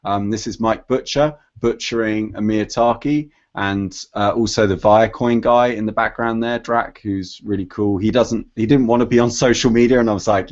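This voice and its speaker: A man with a fairly low voice chats casually and rambles as a podcast panelist. The recording sounds muffled and lo-fi. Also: steady tone, moderate pace, few pauses, a little mellow. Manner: rambling, chatty. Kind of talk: casual chat. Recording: dull lo-fi podcast audio.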